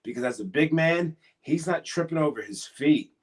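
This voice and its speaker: A man's voice: fairly high pitch, lively intonation, moderate pace. A man who wrestles professionally, answering questions in a casual interview, earnest and a bit hesitant, encouraging at times.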